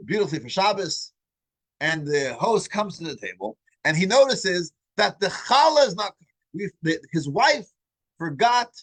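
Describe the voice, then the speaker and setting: A man teaching a weekly religious class, asking the group questions and telling stories in an animated way, often restarting his words. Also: high-pitched, slightly rough, poor audio. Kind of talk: lesson with storytelling.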